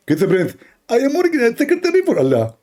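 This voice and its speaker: A man's voice: extremely high pitch, huge pitch swings, quick pace, warm tone, pitched above the performer's own voice, exaggerated voice. A man doing a mocking impression of a condescending, insulting male preacher who lectures and calls people stupid. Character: pompous shrill male Muslim preacher, insulting. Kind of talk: mocking impression in a live debate.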